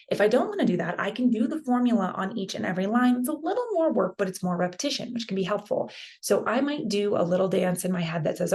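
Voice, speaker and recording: Chatty woman teaching Spanish, gravelly. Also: medium pitch, darkish tone. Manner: chatty and encouraging, talks through steps aloud. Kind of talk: online language lesson.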